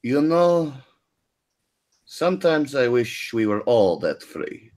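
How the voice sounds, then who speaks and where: A man voicing a serene female healer with a dark edge. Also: medium pitch, sing-song, slow.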